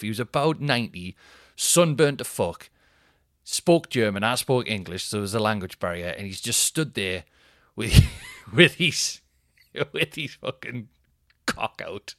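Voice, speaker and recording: A man in his thirties, a comedian hosting a podcast, telling a rambling, sweary, animated anecdote. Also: medium pitch, dry recording, clean studio sound. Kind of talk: casual storytelling.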